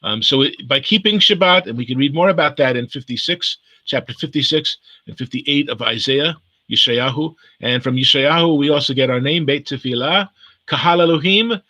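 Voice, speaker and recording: A man's voice: medium pitch, moderate pace, sharp tone, no room sound, low-quality recording. A man leading a livestreamed home sermon from his living room, speaking hesitantly with many fillers and repeated words. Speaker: congregation leader. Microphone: camera for live stream.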